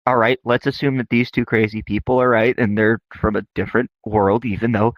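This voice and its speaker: A man's voice: on the low side, little pitch movement, brisk, dry recording, highs cut off, natural voice. A man voicing Felix, a wary, blunt human hunter who sounds incredulous and placating. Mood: skeptical. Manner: incredulous, placating, swears when annoyed.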